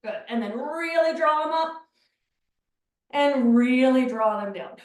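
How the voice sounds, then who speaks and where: A woman teaching a beginner Pilates class, calmly talking the listener through each movement step by step. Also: high-pitched, measured pace. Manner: calm step-by-step movement cues. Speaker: Pilates instructor. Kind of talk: guided exercise class. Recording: very echoey room, mic far off.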